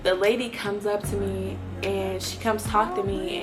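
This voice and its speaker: Animated young woman telling a story. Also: medium pitch, measured pace, hardly any pauses, over music. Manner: animated storytelling, acting out quotes. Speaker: video host. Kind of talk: casual testimony.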